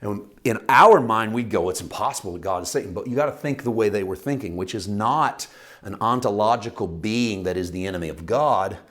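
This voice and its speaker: A man's voice: fairly low pitch, normal speed, fairly bright tone. A man teaching a Bible study lesson, talking in a conversational, emphatic way and asking his listeners questions.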